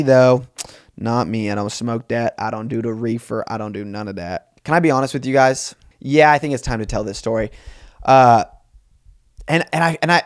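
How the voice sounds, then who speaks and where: A man's voice: fairly high pitch, dry recording, clean studio sound. A man in his twenties hosting a solo comedy podcast, telling a rambling, self-mocking story with lots of asides. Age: 20s. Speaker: podcast host.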